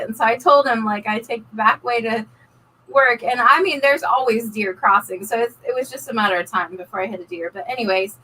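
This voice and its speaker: Chatty bright-voiced woman storyteller. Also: on the high side, far from the mic, slight background noise, low-quality recording. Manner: chatty, animated storyteller, many likes and ums. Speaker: co-host of a couple's live stream. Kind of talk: casual storytelling chat.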